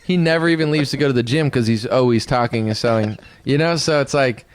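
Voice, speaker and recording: A man who is an interview guest and hip hop artist, chatting casually in an animated, slangy, rambling way. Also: mid-range voice, fast talker.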